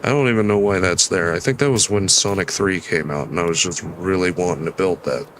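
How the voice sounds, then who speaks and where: A man's voice: deep voice, a little fast, slight background noise. A tired young man mumbling and rambling through casual gameplay commentary, with a nasal voice. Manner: mumbling, rambling, self-deprecating. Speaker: streamer.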